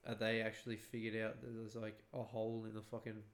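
A man in casual chat, relaxed and swearing offhandedly. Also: on the low side, a little fast.

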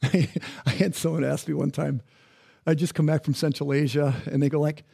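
High-voiced pastor preaching conversationally. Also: male voice, little pitch movement, normal speed, gravelly, mellow, slightly rough. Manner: conversational, interactive, asks the congregation questions. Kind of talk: sermon.

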